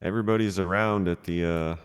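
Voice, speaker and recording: A man chatting in character in a role-play game, talking in a hesitant, halting way. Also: sits low, steady tone, clean tone, in a large hall. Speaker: roleplay game player. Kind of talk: casual in-character chat.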